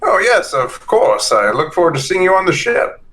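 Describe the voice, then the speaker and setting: A man's voice: high-pitched, sing-song, moderate pace, a bit bright, pitched above the performer's own voice. A man playing a formal, courteous doctor in his thirties who speaks with polite hesitation.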